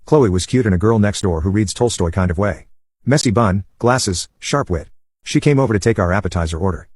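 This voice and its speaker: A man's voice: on the low side, fairly quick, darkish tone, breathy edge, dry recording, studio quality. A man narrating an online story in a wry, sardonic scripted tone.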